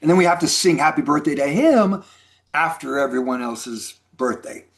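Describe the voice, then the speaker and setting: A man in his sixties tells a long personal story to his listeners, slipping into quick impressions of the people he met. His voice sits a bit higher than most men's. He talks in a relaxed, friendly, rambling way. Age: 60s. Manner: chatty, animated storyteller acting out dialogue. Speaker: mentor speaker. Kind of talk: casual storytelling to a group.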